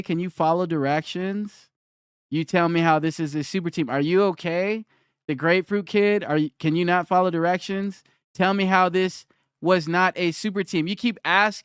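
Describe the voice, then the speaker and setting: A man's voice: high-pitched, clean tone, no room sound, studio quality. A young man on a live stream who argues with his chat, repeats his challenge and reads their comments aloud.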